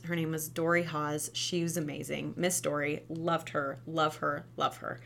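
A woman who used to teach preschool, giving casual parenting advice in a lively, conversational way and often asking "right?". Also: gravelly, slight background noise. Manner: animated, acts out quoted kids and parents with big pitch jumps.

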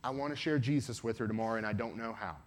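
A man's voice: medium pitch, quick pace, voice pushed down, close to an everyday voice. A man voicing an earnest little girl. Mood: pleading. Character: earnest eight-year-old girl asking for prayer.

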